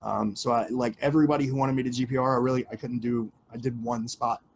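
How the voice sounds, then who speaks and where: A man at a mid-range pitch answers viewer questions on a livestream in a loose, rambling way, full of "um"s and restarts and the odd swear word. Faint noise hums behind him. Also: steady tone, fast talker. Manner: rambling, filler-heavy, casual swearing. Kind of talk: casual livestream Q&A.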